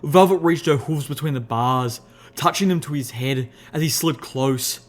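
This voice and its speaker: A man giving a first-person audiobook narration in an expressive, measured storytelling voice. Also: on the high side, soft background music.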